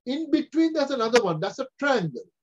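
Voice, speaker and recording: Animated older man, high lively voice. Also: a little fast, lo-fi sound. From Sri Lanka. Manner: animated, acts out characters with quoted voices. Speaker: webinar speaker. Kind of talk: lively lecture.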